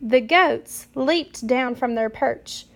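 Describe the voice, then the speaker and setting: High, gravelly woman reading a storybook. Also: slow pace, fairly bright tone. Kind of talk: children's picture book read-aloud.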